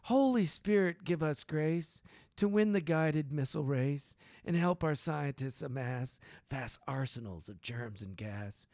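Slow-talking amused man. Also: mid-range voice, darkish tone, no room sound, clean studio sound. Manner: slow, amused, laughs often. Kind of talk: casual chat, reading a poster aloud.

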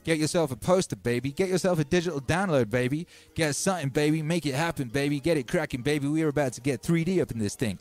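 An English man in his thirties hosting a casual livestream, talking in slang, reading out chat messages and telling stories with lively energy. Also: medium pitch, a little fast. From England. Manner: animated, slangy, reads chat aloud. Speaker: livestream host.

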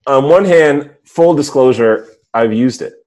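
A man's voice: mid-range voice, measured pace, a little mellow. Candid man in casual chat. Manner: loose, candid, many "like" fillers.

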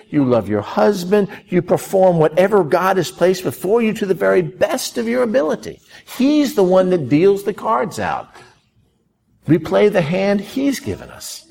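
A man delivers a sermon in a gravelly voice that sits a little high. He tells the story with emphasis and puts rhetorical questions to his listeners. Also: darkish tone. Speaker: pastor.

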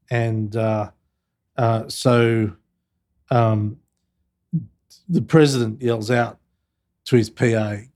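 A middle-aged Australian man talks through an interview in a relaxed, story-spinning way. He leans on "you know" and small restarts, and his voice sits at an ordinary middle pitch. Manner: anecdotal storyteller, chatty, with many fillers. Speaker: guest, former politician and diplomat. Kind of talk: conversational interview.

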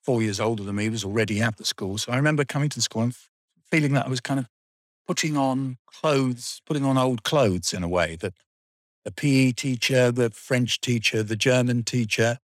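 A man's voice: mid-range voice, a little fast, no echo. An older man, telling school memories in a rambling, dryly funny way. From England. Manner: rambling storyteller, dry humour. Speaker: guest. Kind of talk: reminiscing interview.

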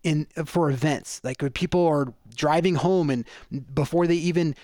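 A man hosting a casual podcast conversation, telling energetic stories and acting out the people he quotes. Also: fairly high pitch, moderate pace, no room sound, studio quality. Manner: energetic storytelling with acted-out quotes.

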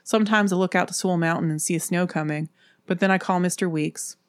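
A woman from Appalachia, host of the show, narrating a spooky story in a steady, measured way. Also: fairly low pitch, smooth, dry recording, studio quality.

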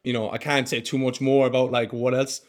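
A man's voice: mid-range voice, little pitch movement, fairly quick. A man from Ireland with an Irish accent, a podcast guest telling his story in a casual, candid way, often saying mate and man and restarting his phrases.

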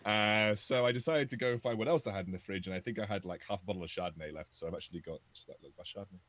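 Male guest, low and rambling, dry close mic. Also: rapid-fire, a bit bright, no room sound. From United Kingdom. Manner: rambling, self-mocking storyteller. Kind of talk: casual chat.

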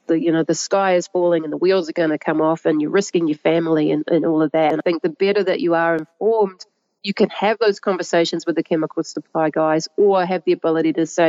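Woman, New Zealand accent, middle-aged guest, lively storytelling, lowish voice, flat-sounding remote recording. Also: no echo, lo-fi sound. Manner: animated storyteller who laughs often. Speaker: guest, agroecologist and author. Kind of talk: conversational interview.

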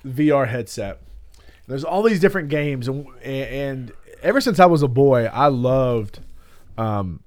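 A man in his thirties co-hosts a relaxed faith podcast, mid-pitched and chatty. He rambles through anecdotes, filling them with "like" and acting out what people said, before easing into Scripture. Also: measured pace. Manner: rambling storyteller, acts out quotes with many "like"s. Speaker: podcast co-host. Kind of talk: casual chat and Bible teaching.

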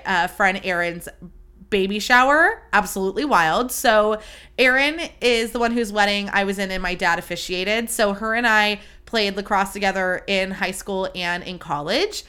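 A woman's voice: medium pitch, moderate pace, pushed and bright, clear, resonant tone. A young woman hosting her own podcast, chatting casually in a bubbly, gushing way and swearing freely. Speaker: podcast host. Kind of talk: casual solo podcast chat.

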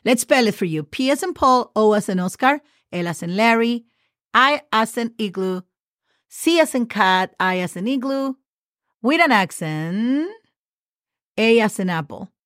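Lady teaching words, kinda high voice, dry close mic, chatty and jokey. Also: expressive, unhurried, a bit bright, dry recording. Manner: chatty, playful, spells words letter by letter. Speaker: Spanish teacher. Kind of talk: podcast language lesson.

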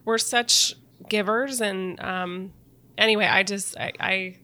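A woman's voice: medium pitch, steady tone, slow pace. A woman podcast host and nurse who talks in an effusive, emotional way and answers with short reactions. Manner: warm, effusive, emotional, gives short back-channel replies. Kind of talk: casual interview conversation.

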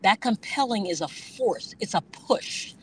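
A woman speaks earnestly and thoughtfully about faith, at a middling pitch. She talks over a Bluetooth phone link from her car, with a faint hum of noise behind her voice. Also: a little slow, low-quality recording. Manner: earnest, reflective, with sudden animated outbursts. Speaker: guest. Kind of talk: candid faith conversation. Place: driving in a car.

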